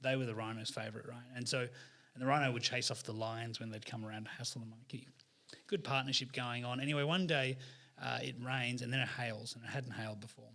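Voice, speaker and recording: A man, a podcast guest, telling a story in casual conversation, chatty and animated with lots of restarts. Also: medium pitch, brisk, vocal fry.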